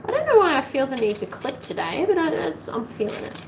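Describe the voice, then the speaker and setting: A woman's voice: sits high, wildly swooping pitch, fairly quick, noisy background. An Australian woman hosting a sewing livestream, chatting casually and rambling as she thinks aloud at home.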